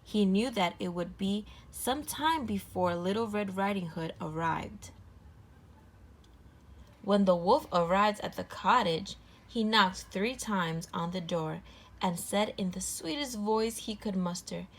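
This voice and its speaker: A woman reading a children's storybook aloud, clear, gentle and even. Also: medium pitch, slow. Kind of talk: read-aloud storybook narration.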